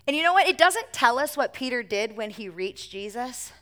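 A woman preaching to her congregation, telling the story with animated energy. Her voice sits fairly high and sounds bright and sharp. She pushes some lines out with emphasis and drops others almost to a hush. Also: normal speed. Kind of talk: sermon. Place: church service with a congregation.

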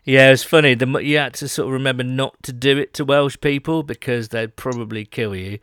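A man's voice: mid-range voice, steady tone, a little fast, fairly bright tone, clean tone, no echo. Chatty British man, dry close sound. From Britain. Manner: chatty, self-mocking, rambling with fillers. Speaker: podcast co-host. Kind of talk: casual podcast chat. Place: home, London.

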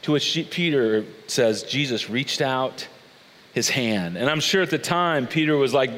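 A man preaching a sermon, animated and acting out the people he quotes. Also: moderate pace. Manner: animated, acts out quoted voices with big pitch swings. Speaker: pastor. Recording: long hall reverb.

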